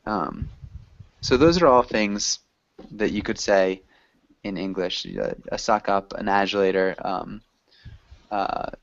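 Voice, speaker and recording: Patient low-voiced male teacher, dry sound. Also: slow pace, pauses often, no echo. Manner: patient, loose and chatty, with many ums. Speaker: English teacher. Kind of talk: explaining in an online class. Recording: dull lo-fi audio.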